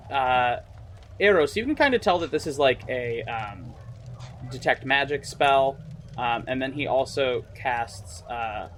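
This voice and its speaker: A man's voice: medium pitch, fairly bright tone, a little hiss or hum. Chatty, laughing game master man. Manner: casual, chatty, frequent laughs and fillers. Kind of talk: narrating a tabletop game.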